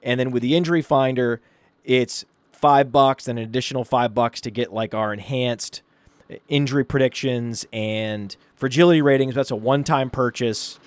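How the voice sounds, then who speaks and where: A man co-hosting a podcast, telling stories in an animated, ranting way. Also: mid-range voice, normal speed, smooth, no room sound. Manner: animated storyteller, rants excitedly. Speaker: podcast co-host. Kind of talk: casual podcast chat.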